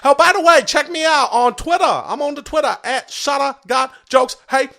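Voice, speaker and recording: A man's voice: very high voice, moderate pace, gravelly, pushed and bright, exaggerated voice. A man voicing a brash, vulgar woman comedian who boasts, rambles and keeps cutting in during an improvised comedy bit. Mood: gushing. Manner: crude, rambling, constantly interrupting.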